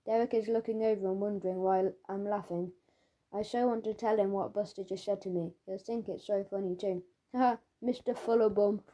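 A woman narrating a children's audiobook in the first person as a schoolboy, in a lively storytelling manner, recorded on a studio microphone. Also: medium pitch, brisk, highs cut off.

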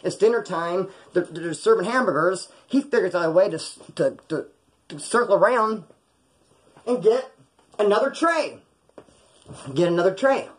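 Husky man telling prison stories. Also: sits high, normal speed, long pauses. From California. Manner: animated, profane, acts out quoted voices. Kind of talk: casual storytelling. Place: small hot room.

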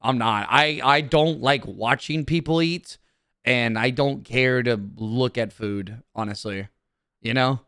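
Male streamer, casual and profane, answers chat and flares up fast; smooth, crisp voice, dry close sound. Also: medium pitch, sharp tone, dry recording. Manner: profane, reads chat aloud, easily riled up.

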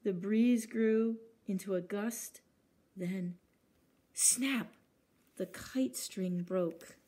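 A woman's voice: mid-range voice, extremely slow, mellow, slightly rough. A woman librarian reading picture books aloud at children's story time, acting out sound words and stopping to ask the children questions.

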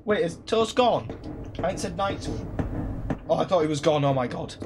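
Excitable male gaming streamer, rather high. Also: moderate pace. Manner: excitable, breaks into high shouts. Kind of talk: live gameplay commentary. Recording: steady background noise.

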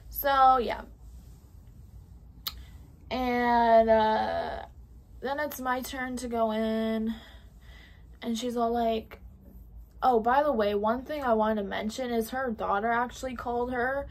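Teen girl vlogger, kinda high voice, swears a lot, says like constantly, drops to whispers sometimes. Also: steady tone, takes it slowly, long pauses. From California. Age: late teens. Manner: casual, profane, lots of "like" fillers. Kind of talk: storytime vlog.

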